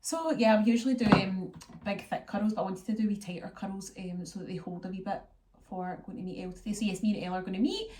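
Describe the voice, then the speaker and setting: A woman's voice: medium pitch, fast talker, darkish tone. A young Scottish woman vlogging in casual, rambling chat to her viewers, using local slang.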